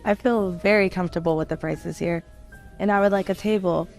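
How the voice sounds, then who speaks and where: A woman playing a composed investor who calmly insists on being seated and served. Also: on the low side, brisk, faint music behind, natural voice. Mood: insistent. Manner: calm, insistent. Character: composed female investor customer.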